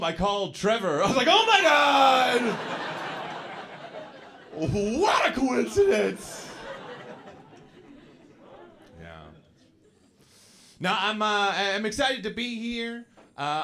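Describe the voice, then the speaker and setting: A young Canadian man with a Canadian accent doing a stand-up set on a club stage, halting and full of fillers and restarts. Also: sits high, pushed and bright, a little hiss or hum. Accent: Canadian English. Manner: halting, filler-heavy delivery with repeated restarts. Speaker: stand-up comedian. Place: comedy club stage with laughing audience.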